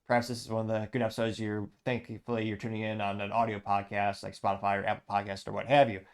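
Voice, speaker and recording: A man's voice: fairly low pitch, flat delivery, quick pace. A man hosting a political news podcast, talking casually and rambling with asides. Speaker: podcast host.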